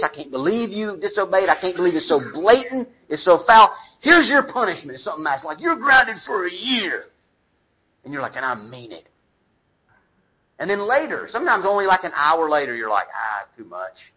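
Bright, husky male preacher. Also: fairly high pitch, low-quality recording. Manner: conversational preaching with paraphrased dialogue. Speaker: pastor. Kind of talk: sermon.

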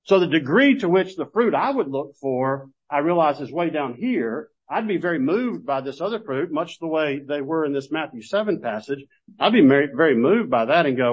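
Slightly husky preacher, man. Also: on the high side, expressive, normal speed. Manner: conversational storytelling with restarts. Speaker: pastor. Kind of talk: sermon. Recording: muffled lo-fi sermon recording.

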